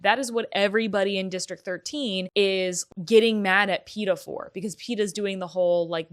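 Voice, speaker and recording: A woman's voice: medium pitch, fairly even intonation, normal speed, few pauses. A young woman casually talking through a book and film comparison, chatty and candid with frequent fillers and the odd swear. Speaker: book vlogger. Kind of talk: casual vlog commentary.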